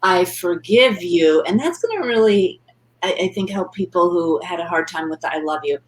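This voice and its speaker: A woman's voice: on the low side, big pitch swings, brisk, rough recording. A woman hosting a webinar interview who reacts eagerly and sums up her guest's points. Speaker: host.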